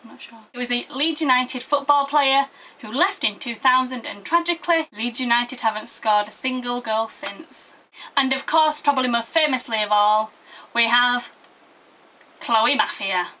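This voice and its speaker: A young woman with a Yorkshire accent hosts a comic how-to vlog in a sarcastic, chatty way. Her voice sits high and sounds bright and sharp. She is recorded from a little way off the microphone. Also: normal speed, far from the mic. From Yorkshire, England. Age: young adult. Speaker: vlogger.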